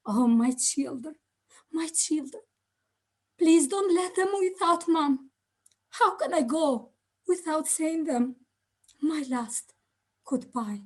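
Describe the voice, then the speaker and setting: Slow, dramatic woman giving a motivational speech. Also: a little high. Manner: slow, theatrical storytelling with big swings between hushed and loud. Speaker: speaking contest speaker.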